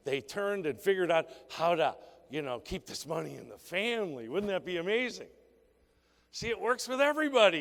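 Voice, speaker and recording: Brief: male sales seminar speaker with a fairly high voice, punchy questions to the room, long hall reverb. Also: very animated, normal speed, a bit bright. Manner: punchy rhetorical questions to the audience. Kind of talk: motivational sales talk to an audience. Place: conference hall.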